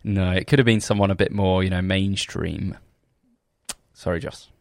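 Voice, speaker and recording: Speaking with a British English accent, this young podcast co-host laughs at his own funny stories and swears freely as he chats casually. His low voice keeps a fairly even intonation at a moderate pace, and the studio-quality sound has no echo.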